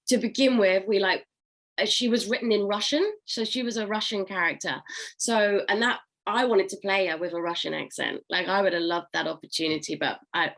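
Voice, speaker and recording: A young adult woman, an actress, answering interview questions in a relaxed, chatty way. She laughs easily and talks casually about her work. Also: medium pitch.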